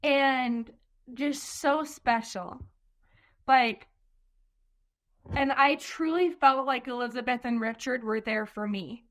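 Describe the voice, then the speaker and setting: A high-pitched, fairly bright voice belongs to a twentysomething woman guesting on an interview show, where she tells her own birth story slowly, with a steady tone and long pauses. It's emotional storytelling: she is tearful at moments, says "like" and "um" a lot, and quotes others.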